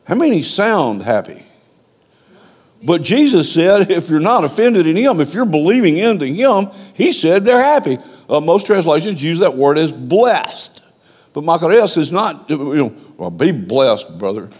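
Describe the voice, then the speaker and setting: A man preaching an informal sermon, conversational and animated, with stammering restarts. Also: a little high, a little slow, breathy edge. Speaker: pastor.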